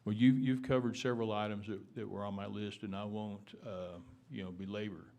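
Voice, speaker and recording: A man with a Texan accent speaks in a lowish voice as he testifies before a town board. He stumbles and repeats words, then reads out ordinances in formal legal terms. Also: level tone, a little fast, darkish tone, slight background noise. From Texas. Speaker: public commenter. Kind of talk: public testimony at a town meeting.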